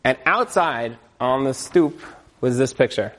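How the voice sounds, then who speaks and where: Animated, chatty man telling a story. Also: mid-range voice, a little slow. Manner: animated, chatty, fillers and repeated words. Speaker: speaker addressing an audience. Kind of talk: lively storytelling talk.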